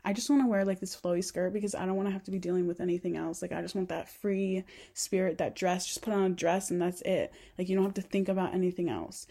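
A woman's voice: fairly low pitch, fairly even intonation, fast, hardly any pauses, dark tone. A young adult woman giving an earnest, rambling self-help monologue to camera, full of "like" fillers. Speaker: vlogger.

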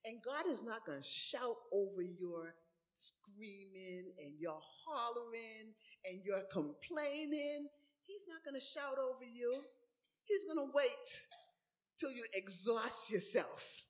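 A woman's voice: on the high side, animated, slow pace. A middle-aged woman preaching a sermon, acting out whiny prayers as she goes.

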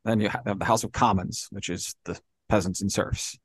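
A man's voice: on the low side, fairly even intonation, a little fast, husky, no echo. A man co-hosting a podcast, explaining history at length in casual talk, often dropping "you know" and "right?". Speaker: podcast co-host.

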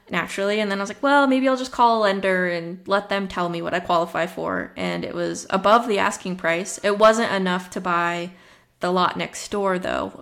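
A woman's voice: lowish voice, vocal fry, a bit bright. A woman guest on a podcast, telling her story in a chatty way with frequent fillers and restarts. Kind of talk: conversational interview storytelling.

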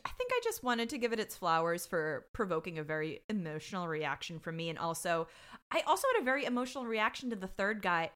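A woman's voice: mid-range voice, smooth. A woman co-hosting a podcast, chatting casually and jokily while recapping a TV season, swearing freely. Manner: animated, jokey, swears freely. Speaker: podcast co-host.

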